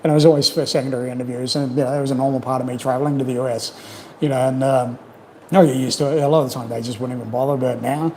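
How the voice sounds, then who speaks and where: A man's voice: medium pitch, fairly even intonation, racing, warm tone, a little hiss or hum, rough recording. A man, telling stories frankly and casually with lots of swearing and fillers. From New Zealand. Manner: frank, profane storytelling with many fillers. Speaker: channel host. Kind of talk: casual livestream chat.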